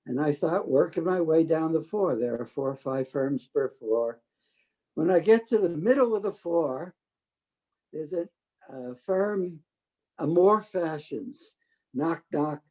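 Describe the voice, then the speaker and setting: Older New storyteller, talkative, mellow tone, slightly high. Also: male voice, slow pace, low-quality recording. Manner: talkative, animated quoting of others. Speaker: interviewee telling his life story. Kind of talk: storytelling oral history.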